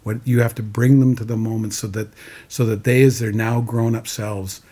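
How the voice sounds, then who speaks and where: Husky man earnestly retelling film scenes. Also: lowish voice, level tone, moderate pace, warm tone. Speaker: podcast co-host. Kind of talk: casual film discussion.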